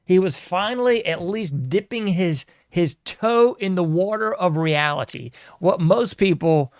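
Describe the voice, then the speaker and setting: In studio-quality audio free of room sound, a podcast host with a slightly high, smooth voice riffs alone on his show. He rambles, leans sarcastic and laughs a lot as he goes.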